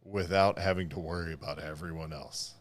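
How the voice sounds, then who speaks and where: A man's voice: extremely low pitch, steady tone, fairly quick. A man co-hosting a podcast in casual chat, rambling with lots of fillers and laughing as he talks. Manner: rambling, filler-heavy, laughs mid-sentence. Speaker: podcast co-host.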